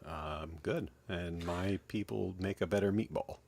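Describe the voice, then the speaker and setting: Brief: male co-host, low gravelly voice, deadpan quips. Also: measured pace, no echo. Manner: dry, laconic. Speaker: podcast co-host. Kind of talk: casual chat.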